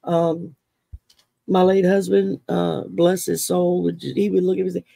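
A woman's voice: on the low side, flat delivery, normal speed, gravelly, mellow, dry recording. A middle-aged woman from Texas, hosting an interview and telling personal stories in a chatty way, often laughing as she talks. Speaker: podcast host. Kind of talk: casual interview storytelling.

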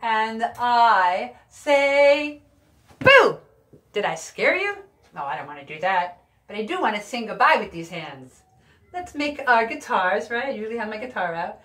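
A woman music therapist leading a preschool class, giving simple, encouraging instructions and mimicking animal sounds. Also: fairly quick. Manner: lively, wide swings of pitch and loudness when mimicking animal sounds.

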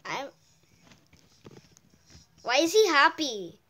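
A woman's voice: high voice, big pitch swings, extremely slow, bright, forceful tone. A woman giving casual reaction commentary on videos, exclaiming with surprise as she watches. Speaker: YouTuber.

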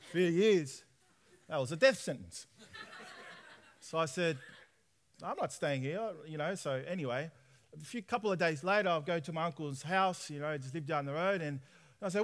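A man, preaching a personal testimony sermon in lively storytelling style, acting out dialogue. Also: sits high, moderate pace. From Australia. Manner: animated storytelling, acts out dialogue with laughs.

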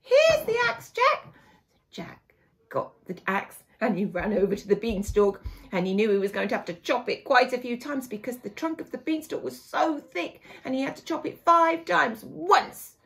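A woman teacher telling a fairy tale to young children, with dramatic, hushed moments. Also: on the high side, normal speed, gravelly. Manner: expressive, dramatic, hushed asides.

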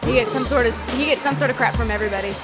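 A woman's voice: on the high side, racing, loud music behind the voice. A woman answering interview questions in a casual, offhand way.

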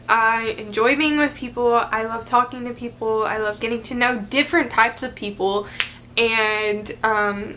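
A woman's voice: on the high side, bright, forceful tone, slight background noise. A young adult woman chatting casually in a get-to-know-me Q&A video, upbeat and full of fillers like "um" and "like". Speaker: vlogger.

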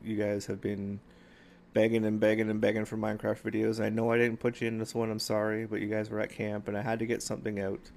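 A middle-aged man talking casually to his viewers in a rambling way, with many fillers and warm shout-outs. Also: lowish voice, completely flat delivery, quick pace, gravelly, a little hiss or hum. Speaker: gaming YouTuber. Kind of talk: casual vlog talk to viewers. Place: outdoors at sunset.

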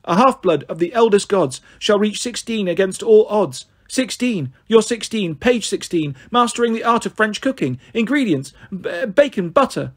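A man voicing a skittish, starving female harpy who stutters and repeats herself without pausing. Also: high-pitched, animated, voice pushed up. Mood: reciting. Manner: stuttering, repetitive, talks without pause.

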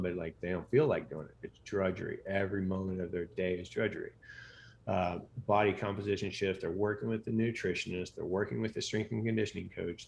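This middle-aged man from the United States, a physician being interviewed, has a low, creaky, slightly mellow voice. He tells stories casually and in a rambling way, full of fillers and restarts.

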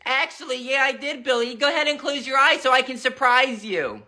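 A performer voicing a scheming, tough grandmother in a comedy skit, with a sly, bossy, drawn-out way of talking. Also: high voice, animated, bright, forceful tone, heavily acted. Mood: sweet-scheming.

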